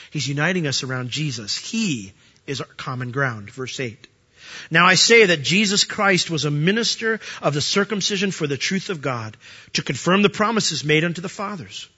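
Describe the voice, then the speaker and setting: A man preaching a sermon as pastor, animated and acting out the voices he quotes. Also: fairly high pitch, husky, lo-fi sound.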